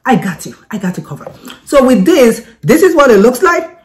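A woman doing an excited product unboxing review, chatty and repetitive, often repeating herself. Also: fairly high pitch, moderate pace, a little hiss or hum.

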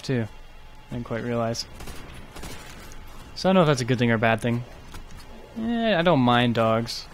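A gaming YouTuber offers casual let's play commentary, chatting and thinking out loud as he plays. His voice sits in the mid-range, with a slight hiss or hum on the recording.

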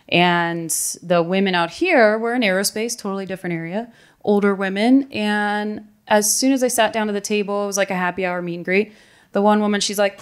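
A woman's voice: medium pitch, clean tone. A woman on a conference panel, telling her story candidly and acting out what people said to her. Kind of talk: panel discussion. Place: conference room.

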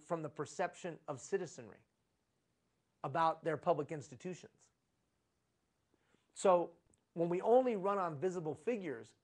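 A middle-aged man giving a live conference lecture on leadership, preachy and repetitive, with lots of rhetorical questions. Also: fairly high pitch. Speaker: leadership trainer. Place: conference room.

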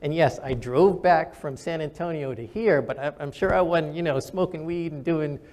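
An older man with a slightly high-pitched voice recounts his own experiences in a reflective, storytelling talk. He speaks earnestly and conversationally, often restarting his sentences. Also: moderate pace, a little mellow. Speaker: physician and military officer. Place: recorded for camera.

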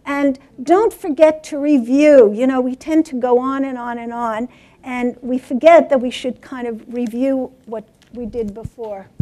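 A woman giving a workshop talk to teachers, animated and acting out stories. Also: high voice, a little slow, slight background noise. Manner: animated, acts out voices. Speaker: guest speaker for teachers.

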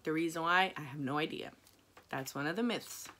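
A young pregnant woman with a Mexican-American accent, chatting casually to camera for her vlog and quoting herself in high, excited bursts. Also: fairly quick. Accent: Mexican-American English. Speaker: vlogger.

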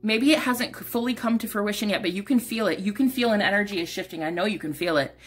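A woman's voice: mid-range voice, quick pace, breathy edge. A young woman chats her way through a tarot reading, rambling and restarting her words as she goes. She sounds a little out of breath and drops the odd casual swear word. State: a bit out of breath. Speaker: tarot reader.

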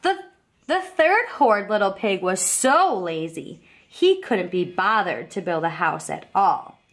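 A woman teacher reading a picture book aloud to young children, expressive and asking them questions. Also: mid-range voice, a little slow.

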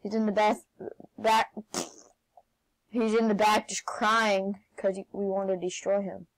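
A woman playing a video game and commenting as she goes, excitable, often shouting and laughing. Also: medium pitch, a little slow, poor audio. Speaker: gaming channel host.

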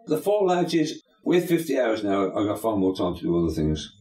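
A man's voice: fairly low pitch, very animated, fairly quick, dark tone, faint music behind. An older man, a pastor and bishop, talking emphatically in an interview, full of folksy sayings. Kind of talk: preacherly interview talk. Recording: echoey room.

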